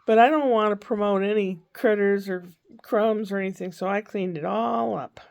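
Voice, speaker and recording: Chatty older woman with a gravelly voice. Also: mid-range voice, moderate pace, darkish tone. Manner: rambling, chatty, self-correcting. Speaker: vlogger. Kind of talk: casual diary-style chat.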